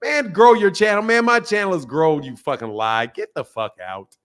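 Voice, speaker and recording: Male reaction host with a very high voice, swearing, incredulous, circling back to the same point. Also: normal speed, fairly bright tone. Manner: profane, incredulous, repeats himself, laughing asides. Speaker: boxing channel host. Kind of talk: casual reaction rant.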